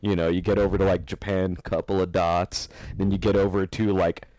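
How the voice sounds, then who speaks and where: A man hosting a podcast, telling stories in a rambling, animated way and laughing often. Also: deep voice, brisk, no room sound. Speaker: podcast host. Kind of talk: casual podcast chat.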